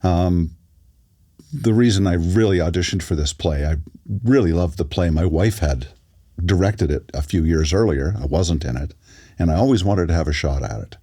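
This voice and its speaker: Man, very low voice, dark mellow tone, relaxed anecdotal storytelling, guest actor in interview. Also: normal speed, breathy edge. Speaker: actor and audiobook narrator, guest.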